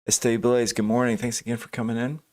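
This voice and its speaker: Quick-paced and flat in delivery, this man has a medium-pitched, slightly mellow voice. He hosts a live day trading stream with casual market commentary, hesitantly thinking aloud over charts amid frequent fillers, restarts and self-corrections, and welcomes chat viewers by name.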